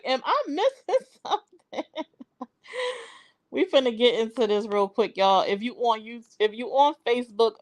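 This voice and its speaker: A woman's voice: mid-range voice, no echo, clean studio sound. A young adult woman hosting a live stream in a casual, chatty way, talking straight to her viewers.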